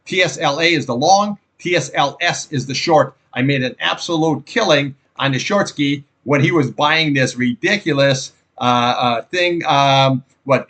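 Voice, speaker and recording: A man's voice: a little high, a bit bright. A middle-aged man giving casual, blunt stock chart commentary, opinionated and fond of repeating words for emphasis. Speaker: stock market analyst.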